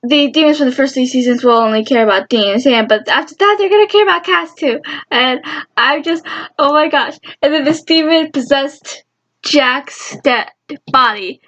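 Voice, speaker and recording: A young woman excitedly recapping a TV show in casual, rambling talk, getting emotional and squealing at moments. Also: high voice, normal speed. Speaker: fan vlogger.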